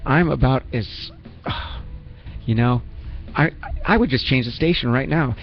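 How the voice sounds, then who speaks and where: A man's voice: medium pitch, unhurried, muffled recording. Rambling, self-mocking male radio host. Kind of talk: comedic radio banter.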